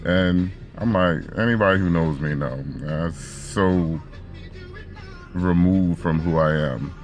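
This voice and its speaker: A man's voice: low voice, slow pace, soft background music. A man telling a story in a casual monologue, laid-back and slangy with plenty of swearing. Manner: laid-back slangy and profane, frequent restarts.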